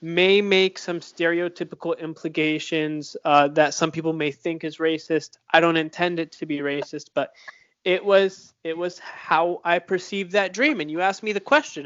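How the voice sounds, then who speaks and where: A young man co-hosting a podcast in loose, blunt chat, full of fillers and quick laughs. His voice sits a little high, and the recording is dry and muffled. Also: a bit bright, no echo. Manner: chatty, blunt, laughs often, many fillers. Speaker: podcast co-host. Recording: dull lo-fi sound.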